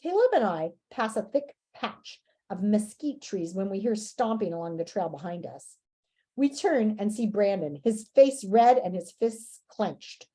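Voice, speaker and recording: Expressive woman reading a storybook aloud. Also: mid-range voice, measured pace, breathy edge. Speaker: story reader. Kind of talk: reading a children's book aloud.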